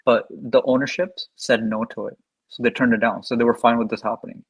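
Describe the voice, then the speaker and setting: Husky man explaining at length. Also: medium pitch, fairly even intonation, brisk, poor audio. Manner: explanatory, repeats himself. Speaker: panelist. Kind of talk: casual chat.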